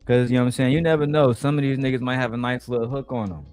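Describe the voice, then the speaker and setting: Male host, mid-pitched, profane and mocking reaction commentary with faint music under it. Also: fairly even intonation, racing, a little mellow, smooth, no echo. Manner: mocking, blunt, crude slang.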